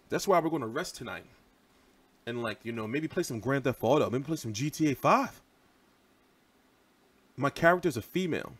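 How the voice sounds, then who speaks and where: Long pauses break up this boxing livestream host's moderate-paced, medium-pitched talk. The man, in his thirties, is loose, profane, rambling and animated as he answers viewers' comments.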